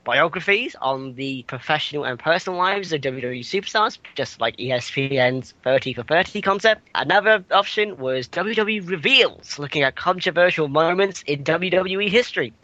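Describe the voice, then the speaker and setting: A man's voice: on the high side, normal speed, few pauses, sharp tone, dry recording, muffled recording. A man co-hosting a casual podcast, reading out news items with stumbles, fillers and asides.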